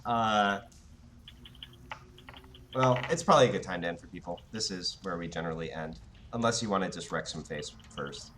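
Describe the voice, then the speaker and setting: A man's voice: sits low, moderate pace, pauses often, a bit bright, slight background noise. A man running a tabletop game as game master, chatting casually and narrating, with frequent hesitations.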